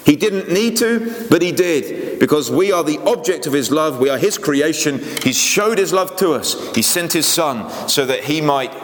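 A man's voice: on the high side, animated, normal speed, few pauses. A man preaching a sermon, earnest and emphatic, often breaking off into small asides and starting over. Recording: echoey hall with long reverb.

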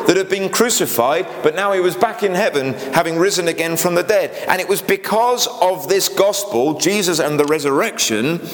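A man preaching a sermon, earnest and emphatic, often breaking off into small asides and starting over. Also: high voice. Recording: echoey hall with long reverb.

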